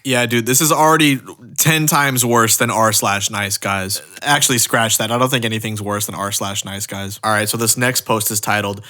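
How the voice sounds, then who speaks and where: A man's voice: lowish voice, steady tone, normal speed, bright, forceful tone. A man doing comedic commentary on online posts with a sarcastic, mock-dramatic delivery. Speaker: YouTube commentator.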